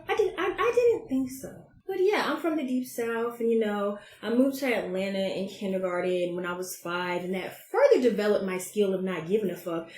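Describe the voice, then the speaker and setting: A woman, hosting her own podcast in a brash, profane, animated way. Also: medium pitch, roomy sound, slight background noise. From Georgia, US. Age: 30s. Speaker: podcast host. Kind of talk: casual solo podcast monologue.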